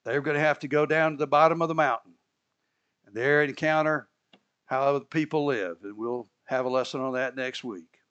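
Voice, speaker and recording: Animated preacher acting out Bible stories. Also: male voice, medium pitch, moderate pace, clear, resonant tone, muffled recording. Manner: animated storytelling, acting out biblical characters; chuckles at his own asides. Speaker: pastor. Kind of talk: sermon.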